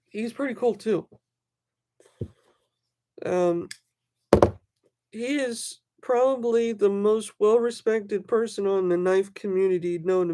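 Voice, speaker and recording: A knife collector chats casually on a livestream in a mid-range voice, excitable and rambling as he addresses chat viewers by name.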